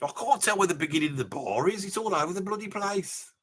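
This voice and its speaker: A man hosting a live reaction stream plays a brash, mouthy Birmingham metalhead in a heavily acted, husky voice that is high-pitched, animated, fast, and a bit bright. He blusters and rambles, swears casually, and laughs at his own jokes in a blustery mood.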